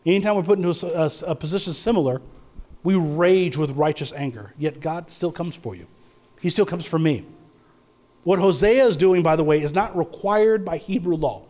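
High-voiced man preaching conversationally. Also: normal speed, a little mellow. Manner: conversational preaching, rising to emphatic peaks. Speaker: pastor. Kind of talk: sermon.

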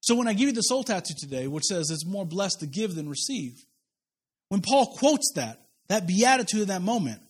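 A man's voice: high-pitched, big pitch swings, normal speed, slightly rough. A pastor from Kansas preaching a sermon to his church, mixing humorous personal stories with repeated rhetorical questions. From Kansas, USA. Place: church service.

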